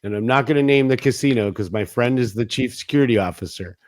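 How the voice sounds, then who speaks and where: A man's voice: mid-range voice, quick pace, darkish tone. A man speaking as a guest in a casual interview, rambling and telling stories with acted-out quotes. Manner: rambling, anecdotal, acts out quoted dialogue; frequent restarts and fillers. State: coughing at times. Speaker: guest, 5G business internet provider.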